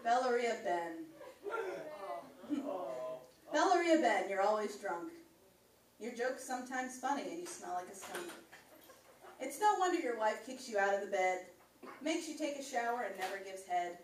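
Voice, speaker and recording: A woman's voice: mid-range voice, expressive, normal speed, reverberant, far from the mic, a little hiss or hum. A woman performing a crude, teasing rhymed roast poem at a comedy club, often laughing between lines.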